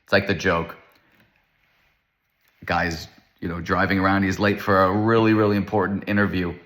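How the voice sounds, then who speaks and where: A man giving a casual Torah lecture, animated and storytelling, acting out the voices of the people in his stories. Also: low voice, moderate pace.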